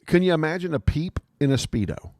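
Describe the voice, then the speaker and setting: Man, co-host, casual chat, playful, lively pitch, dry sound. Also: fairly quick, no room sound. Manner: joking, reads out viewer comments.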